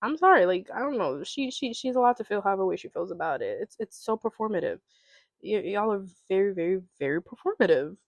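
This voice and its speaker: A woman's voice: medium pitch, lively intonation, fast, dry recording. Exasperated woman ranting, dry close sound. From America. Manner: exasperated, repetitive, emphatic. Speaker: commentary vlogger. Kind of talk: casual opinion rant to camera.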